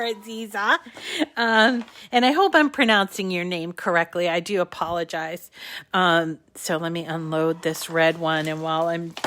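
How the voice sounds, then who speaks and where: A woman's voice: mid-range voice, fairly bright tone. A woman with a New England accent hosting a live crafting show, chatting with viewers in a casual, filler-filled way.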